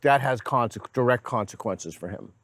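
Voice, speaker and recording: A man's voice: mid-range voice, normal speed, a bit bright, no echo. Man, Boston accent, host, playful, teasing, casual conversation, dry recording. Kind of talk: casual street interview. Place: outdoors on a college campus.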